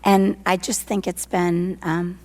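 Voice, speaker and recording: A hoarse woman, a church staff member, speaking earnestly and from the heart at a church forum. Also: lowish voice, flat delivery, slow pace, a little mellow.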